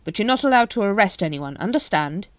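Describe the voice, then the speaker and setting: A woman's voice: mid-range voice, animated, moderate pace, no echo, pitched above the performer's own voice, natural voice. Harassed middle-aged male captain, clipped and weary, read by a woman. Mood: exasperated. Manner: clipped and exasperated.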